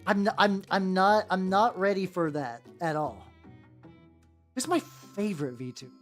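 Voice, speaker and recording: A woman's voice: mid-range voice, moderate pace. A woman streamer chatting casually and rambling while she paints miniatures, joking at her own expense. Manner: rambling, self-deprecating. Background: faint background music.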